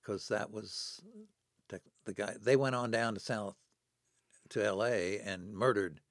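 Steady in tone and measured in pace, this man in his seventies uses a fairly low voice to tell stories as a podcast guest. He brings quoted people to life with dramatic acting. The studio sound is clean, with no room sound.

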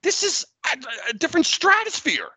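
A man co-hosting a casual sports podcast, venting in an animated, exasperated way. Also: very high-pitched, brisk, no room sound. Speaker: podcast co-host.

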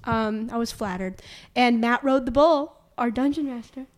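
A woman's voice: on the high side, normal speed. A woman in her twenties hosting a casual podcast chat, talking freely and laughing often as she goes. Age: 20s. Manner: chatty, laughs often, self-described dark sense of humor. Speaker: podcast host.

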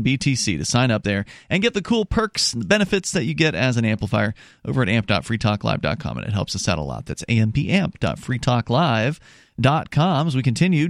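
A man's voice: medium pitch, no echo. A man hosting a call-in talk radio show from a studio, talking loosely with fillers and restarts. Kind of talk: casual talk radio with reads. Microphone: studio mic.

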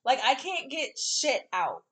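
A woman's voice: sits high, very animated, takes it slowly, sharp tone. A woman hosting a podcast, chatting in a crude, giggly, rambling way. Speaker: podcast host. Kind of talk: casual chat.

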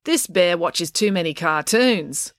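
Casting: woman doing a sardonic little boy, slow and dry, storybook reading. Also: on the low side, animated, a bit bright, no room sound. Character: short, dry-witted boy.

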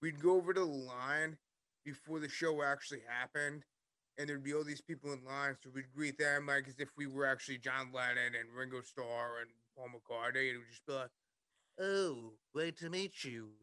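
A man's voice: mid-range voice, flat delivery, a little fast, pushed and bright, no echo. A man co-hosting a podcast, telling funny stories from his old jobs in casual chat. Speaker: podcast co-host.

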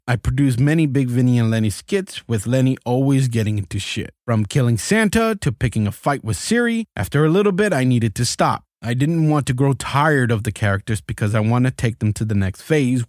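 A man's voice: medium pitch, no room sound. Chatty male host, dry close sound. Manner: chatty, explaining. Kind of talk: casual talk to listeners.

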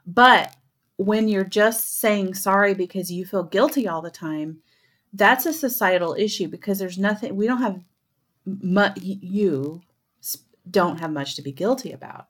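A woman talking candidly and earnestly in a casual podcast conversation, swearing now and then. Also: mid-range voice.

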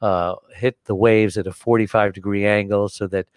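An older American man, a guest on an interview show, telling a story in an animated way and acting out the voices of the people in it. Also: on the low side, moderate pace, clean tone, no room sound. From United States. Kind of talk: storytelling in conversation.

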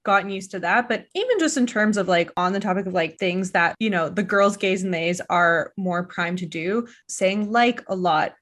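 A woman's voice: medium pitch, moderate pace, hardly any pauses, fairly bright tone. A woman hosts a podcast, rambling in a loose, self-deprecating way. She swears casually and laughs at herself as she talks. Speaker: podcast host. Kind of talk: casual chat.

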